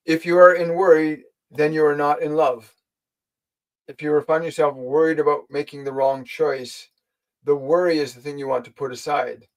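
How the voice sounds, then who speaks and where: A man with a mid-range voice hosts a live spiritual stream on a rough recording. As a spiritual teacher and channel host, he gently and earnestly guides viewers, speaking to them directly, answering their questions, and repeating key phrases for emphasis.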